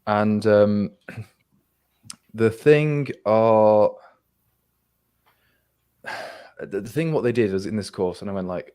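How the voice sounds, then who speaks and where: A man's voice: on the low side, animated, measured pace, long pauses, darkish tone. A young Englishman with an English accent on a video call, telling a wry story in casual chat, with many restarts and quoted back-and-forth. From England.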